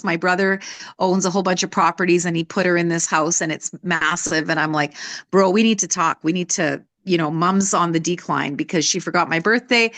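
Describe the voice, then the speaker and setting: A woman's voice: medium pitch, fairly bright tone, no room sound. A woman in her sixties, a personal development coach, telling a personal story in a candid, emphatic way during a live talk. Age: 60s. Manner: candid, emphatic, raises her voice to act out others in quotes.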